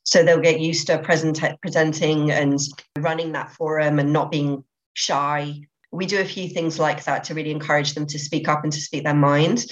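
Casual: low-pitched woman on a podcast, eager, keeps restarting her words, kinda dull lo-fi sound. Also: steady tone, normal speed. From England. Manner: enthusiastic, many restarts and repeated words. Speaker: podcast guest, business owner. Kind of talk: podcast interview. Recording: slightly dull lo-fi audio.

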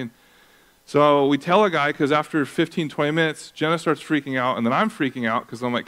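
A man in his thirties preaching a sermon as pastor, telling stories with lively acted-out voices. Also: fairly high pitch, brisk. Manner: animated storytelling, acting out voices.

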